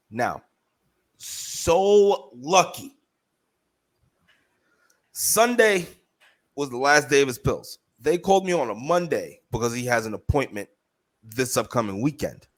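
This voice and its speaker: A man co-hosting a podcast, telling a story in casual chat, profane and heated, animated as he goes. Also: medium pitch, takes it slowly, long pauses. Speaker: podcast co-host.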